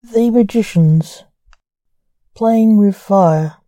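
Slow, very mellow woman narrator. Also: mid-range voice, no echo. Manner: calm, measured reading. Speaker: podcast host and storyteller. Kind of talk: scripted story narration.

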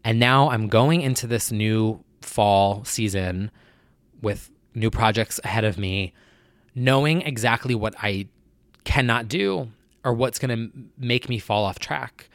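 A man's voice: on the low side, a little slow, dry recording, studio quality. Earnest man rambling in a nasal voice. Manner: earnest, rambling, self-correcting. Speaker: vlogger. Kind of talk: candid personal vlog.

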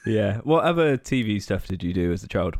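Host: man, very lively pitch, quick to laugh. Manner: laughs often, short encouraging replies. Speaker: podcast host. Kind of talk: casual chat.

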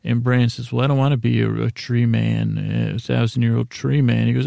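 A man hosting a sleep podcast, giving a meandering, halting episode recap that loosely paraphrases the dialogue. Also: mid-range voice, little pitch movement, gravelly, mellow, no echo. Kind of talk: rambling episode recap meant for falling asleep.

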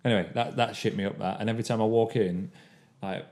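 A man's voice: lowish voice, steady tone, fast, darkish tone. A man co-hosting a casual podcast chat, rambling through stories with many restarts. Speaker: podcast co-host.

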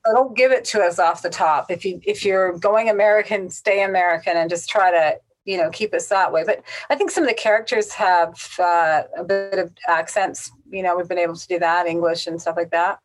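A woman's voice: lowish voice, a little fast, hardly any pauses, soft background music. A woman and casting director in a casual interview, talking bluntly and directly. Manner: blunt, straight-shooting.

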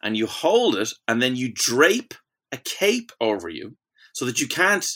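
Animated man telling stories. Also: mid-range voice, unhurried, husky. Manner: enthusiastic storytelling, laughs often. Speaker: podcast host. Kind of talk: casual comedic chat.

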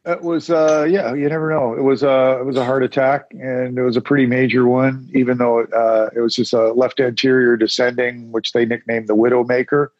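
A man's voice: mid-range voice, flat delivery, a little mellow, dry recording. An older man talks as a guest, telling stories with stops and restarts and poking fun at himself. His voice sits in a middle register. The sound is dull and lo-fi, with a dry, close feel. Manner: storytelling, self-mocking, halting restarts. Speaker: musician guest. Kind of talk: casual interview chat.

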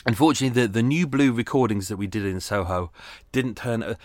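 A man's voice: mid-range voice, fast talker, darkish tone, dry recording. A man hosting his podcast in a casual, rambling, self-deprecating chat with many restarts. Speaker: podcast host. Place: at home on a boat.

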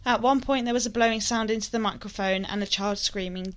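A young woman co-hosting a true-crime podcast, chatting casually and reading passages aloud in a low, steady voice. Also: brisk. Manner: reads passages in a low, steady voice with frequent "like" in chat. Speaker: podcast co-host.

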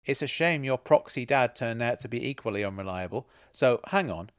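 A man's voice: mid-range voice, lively intonation, a little fast, lightly acted. A man voicing a playful, self-assured woman who teases and mocks. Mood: knowing. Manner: teasing, knowing, laughs at others.

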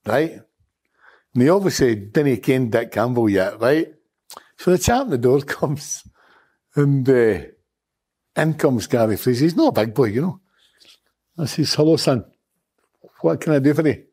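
A man's voice: medium pitch, measured pace, pauses often, husky. A man with a Scottish accent, a former football manager telling blunt stories in casual chat. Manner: blunt, swearing, animated storyteller. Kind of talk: casual storytelling.

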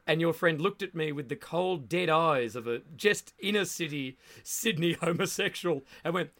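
A man's voice: on the high side, normal speed, few pauses, a bit bright. A man guesting as a comedian on a podcast, telling rambling, self-mocking stories.

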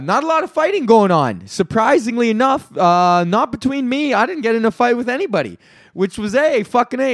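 A man's voice: high-pitched, dry recording, clean studio sound. A man in his thirties, a comedian hosting his own podcast, ranting profanely with lots of rhetorical questions. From Canada. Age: 30s. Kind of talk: solo comedic rant.

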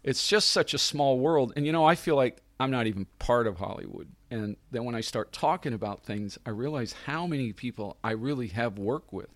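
Middle-aged male director as guest, mid-range voice, lively storyteller, dry close mic. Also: medium pitch, fairly quick, hardly any pauses, no room sound. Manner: animated, acts out quoted people, laughs often. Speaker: guest, film writer and director. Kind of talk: casual anecdotal storytelling.

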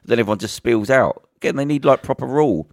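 A man's voice: mid-range voice, animated, fast, dry recording, studio quality. A man in casual podcast chat, rambling and stopping himself, with frequent laughs. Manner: rambling, self-interrupting, laughs often. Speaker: podcast co-host.

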